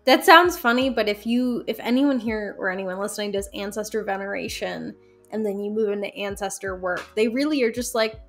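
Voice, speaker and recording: A woman guest in a casual interview, talking in a lively, chatty way with frequent laughs and fillers. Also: mid-range voice, a little fast, faint music behind. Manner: animated, chatty, laughs often, many fillers. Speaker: guest, folk magic practitioner.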